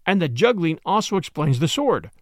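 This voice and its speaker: A man voicing a mild, eager little priest detective who explains things gently and placidly. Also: on the high side, big pitch swings, moderate pace, no echo, clean studio sound.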